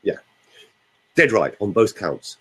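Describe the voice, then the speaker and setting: Animated older voice coach. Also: male voice, fairly low pitch, takes it slowly, slightly rough, poor audio. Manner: theatrical, explanatory, demonstrates with his own voice. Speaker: voice coach guest. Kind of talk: radio studio voice coaching demonstration.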